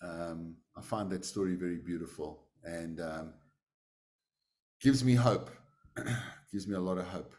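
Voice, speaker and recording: A man's voice: low voice, measured pace, long pauses, darkish tone. A man teaching a class, telling a story in a conversational way with many fillers. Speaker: meditation teacher. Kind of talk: storytelling in a lesson.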